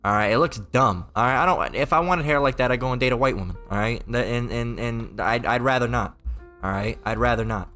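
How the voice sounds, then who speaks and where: A man's voice: medium pitch, fairly quick, bright, forceful tone, soft background music. A man preaching in a profane, rambling rant, mocking and crude, with many repeats and stumbling restarts.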